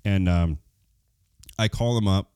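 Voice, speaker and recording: A man's voice: low-pitched, slow pace, a little mellow, smooth, no echo, studio quality. A man telling a long personal story to his viewers, rambling with lots of fillers and acting out the dialogue, while getting over a cold. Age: adult. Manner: rambling, many fillers, acts out quoted dialogue. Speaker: vlogger.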